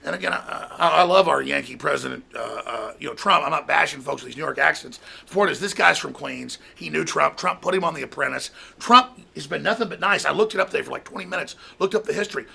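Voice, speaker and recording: A man's voice: on the high side, quick pace, gravelly, few pauses, pushed and bright, slightly rough. A man hosting a talk show, delivering an angry political rant and mocking opponents. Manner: ranting, mocking, mimics opponents in a raised voice.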